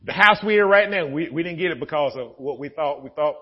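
High, lively-voiced preaching pastor. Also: male voice, normal speed, long pauses, highs cut off. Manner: swings from easy storytelling to shouted, laughing preaching. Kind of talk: sermon. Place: church sanctuary.

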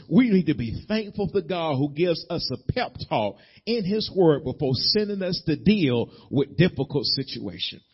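A male pastor delivers a sermon in a husky, fairly high voice that leaps and falls with lively range. He drives repeated phrases upward, then sinks to hushed asides. The recording is muffled and lo-fi. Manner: preaching with rising emphatic repetition, dropping to low intimate asides.

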